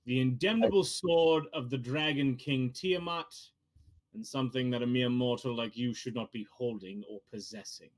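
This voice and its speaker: A man voicing a haughty, grand male keeper of relic lore, who speaks slowly and gravely for a tabletop game. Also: medium pitch, pitched below the performer's own voice, close to an everyday voice. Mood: grave, condescending.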